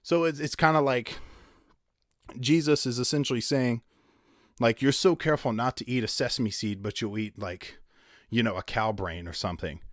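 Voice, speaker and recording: A man's voice: medium pitch, normal speed, no echo, clean studio sound. A man teaching the Bible in a casual video, rambling and conversational with many asides and fillers. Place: at home with his wife behind the camera.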